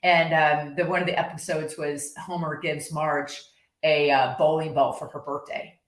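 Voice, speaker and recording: A woman's voice: sits low, flat delivery, normal speed. Chatty woman in an echoey room. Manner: chatty, rambling with restarts. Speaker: horse-based coach. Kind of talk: casual monologue.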